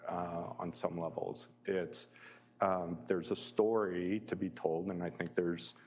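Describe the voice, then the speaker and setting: As a guest speaker at a public lecture, a man talks conversationally, using lots of fillers and often chuckling while sharing personal stories. His voice is low and darkish, with little pitch movement and a slow pace.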